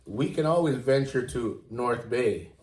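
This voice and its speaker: A man hosting a casual online chat, talking in an animated, playful and emphatic way. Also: mid-range voice, a little slow. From Jamaica. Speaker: show host. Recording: roomy echo.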